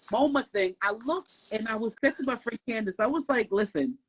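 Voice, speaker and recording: A middle-aged woman tells her story as a podcast guest. Her voice is husky and breathy, and she acts out each conversation with lively, animated turns. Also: on the high side, a little fast, low-quality recording. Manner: animated, acts out quoted dialogue. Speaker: guest nail artist.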